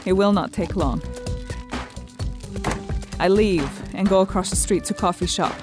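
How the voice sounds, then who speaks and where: Here is an actress voicing a young Estonian immigrant woman in a radio play, telling her story in a plain, matter-of-fact way. She speaks halting, broken English with an Estonian accent and stops to search for words. Her voice sits at a middle pitch, and a faint bed of music plays behind her. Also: natural voice. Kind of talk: radio drama monologue.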